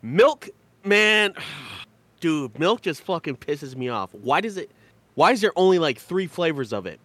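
Guy from michigan doing a goofy cussing rant on a podcast, highish voice bouncing around. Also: big pitch swings, a little slow, a bit bright, dry recording. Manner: laughing, profane, mock-outraged. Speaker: podcast co-host. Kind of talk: casual comedic rant.

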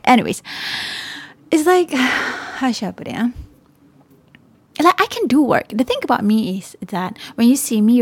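A woman's voice: mid-range voice, vocal fry, husky, no echo. A woman in her thirties with a Malaysian accent, hosting a podcast and ranting candidly, swearing and laughing often. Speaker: podcast host.

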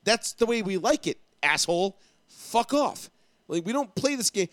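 Young male co-host, raised pitch, crude and lively, dry close sound. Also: normal speed, no echo. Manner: profane, animated storytelling. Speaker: podcast co-host. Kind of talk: casual chat.

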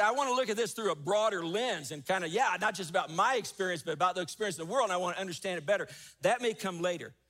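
A man's voice: sits high, fairly bright tone. A man preaching a sermon as pastor, emphatic, rising and falling, repeating key phrases.

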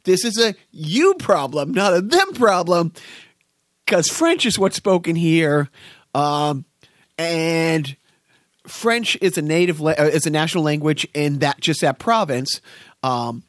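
A man's voice: on the high side, lively intonation, measured pace, no echo, clean studio sound. An American man co-hosting a podcast in casual chat, rambling and joking with profanity and many stammered restarts. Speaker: podcast co-host.

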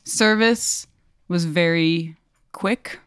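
A woman's voice: lowish voice, very slow, clear, resonant tone, dry recording, studio quality. A woman guesting on a comedy podcast, answering playfully and a little hesitantly. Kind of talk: casual improv chat.

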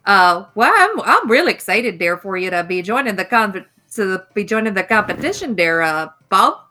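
A woman's voice: medium pitch, big pitch swings, moderate pace, bright, forceful tone, slight background noise. A woman voicing a cheerful, folksy Midwestern hostess with a Wisconsin accent and a sing-song drawl.

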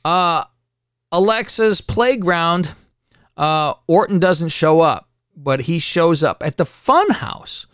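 A man co-hosting a podcast, recapping wrestling in casual, profane, animated chat. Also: fairly high pitch, slow pace, clean tone, dry recording, clean studio sound. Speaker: podcast co-host.

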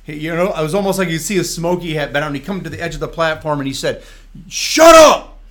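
A man, a reverend from Michigan, telling his testimony as a guest on a faith talk show, animated and storytelling, at times breaking into tongues. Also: on the high side, racing.

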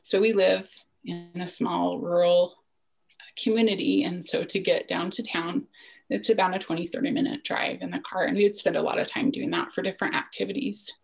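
Guest, woman, 40s, low gravelly voice, reflective and earnest, slips into near-whispers. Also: steady tone, moderate pace, poor audio. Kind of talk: personal storytelling in a podcast interview.

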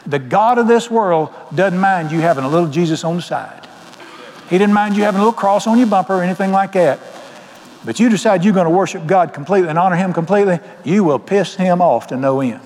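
A man's voice: sits high, fast, a little mellow. A man with a Southern US accent, preaching a sermon as pastor with folksy, emphatic storytelling in a church sanctuary. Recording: long reverb of a large hall.

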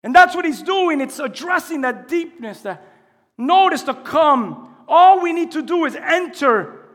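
A man preaching from the pulpit with a strikingly high voice that lingers in a long church reverb. He throws questions out to the congregation, moving between calm teaching and fervent, raised preaching. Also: a little slow. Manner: asks the congregation call-and-response questions; swings between quiet teaching and loud impassioned preaching. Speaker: pastor. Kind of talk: sermon.

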